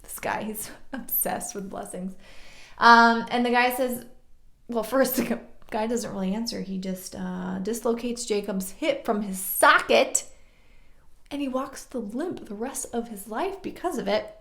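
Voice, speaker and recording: Chatty lady telling a bible story, gravelly fry, echoey room. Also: a little high, unhurried, fairly bright tone. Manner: chatty, jokey asides, slangy. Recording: roomy echo.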